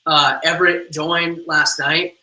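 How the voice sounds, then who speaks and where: A man's voice: fairly high pitch, takes it slowly, low-quality recording. A man leading a live online team training, coaching energetically with lots of ums and uhs. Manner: energetic motivational coaching, many fillers.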